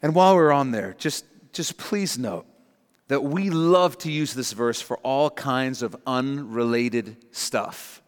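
Brief: male pastor, mid pitch, earnest sermon delivery, long reverb of a church hall. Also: takes it slowly, clean tone. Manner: earnest, emphatic, repeats key lines.

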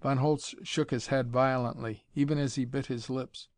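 Dry, measured male audiobook narrator. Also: mid-range voice, no echo. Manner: even, measured reading. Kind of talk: scripted narration.

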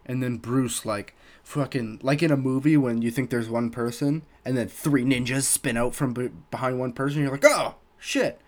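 Young man telling a story, lively. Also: medium pitch, normal speed, hardly any pauses. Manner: animated, swears a lot, acts out quoted voices. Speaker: podcast host. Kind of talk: casual storytelling.

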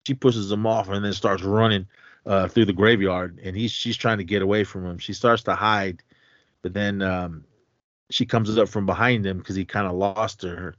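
A man co-hosting a podcast, retelling a film scene in a rambling, halting way with many fillers. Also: deep voice, no echo, muffled recording. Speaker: podcast co-host. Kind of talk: casual film recap.

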